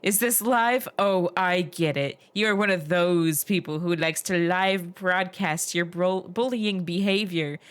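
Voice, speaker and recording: A woman voicing a paranoid, hostile young man in a game who shouts accusations loudly. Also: on the low side, unhurried, hardly any pauses, smooth, close to an everyday voice. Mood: hostile accusing. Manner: shouting accusations, loud and jumpy.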